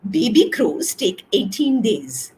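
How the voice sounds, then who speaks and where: A woman voicing a kind, anxious male dog who talks gently and earnestly. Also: fairly high pitch, sing-song, slow pace, slightly rough, exaggerated voice.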